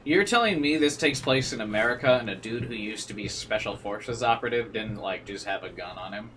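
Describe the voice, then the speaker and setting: A man's voice: on the low side, a little fast, fairly bright tone, distant mic, slight background noise. A man streaming a game, chatting and joking in a rambling way. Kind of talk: gaming commentary.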